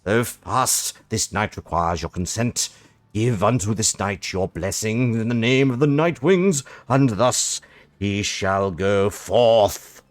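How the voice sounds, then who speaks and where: A man voicing a pompous, overeager worm knight who speaks in old-fashioned, grandiose declarations with a posh English accent. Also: dry recording. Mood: exultant. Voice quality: booming, theatrical archaic diction. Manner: loud, drawn-out, grandiose declarations.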